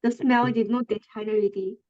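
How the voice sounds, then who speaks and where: A young Singaporean woman gives a casual, halting answer in class in a raised voice. Her words come through dull and lo-fi from across the room. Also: on the high side, fairly even intonation. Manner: casual, halting, mixes English and Mandarin. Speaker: student.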